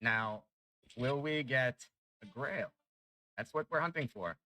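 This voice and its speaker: A man giving chatty, excitable commentary over his own gameplay, jumping up in pitch when good loot drops. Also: takes it slowly, poor audio. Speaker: gaming YouTuber. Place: home room.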